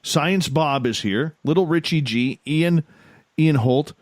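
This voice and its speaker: A man's voice: a little high, slow pace, dry recording, studio quality. A man with a Canadian accent hosting a radio show, enthusiastic and playful with callers. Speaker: radio host. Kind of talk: casual radio talk.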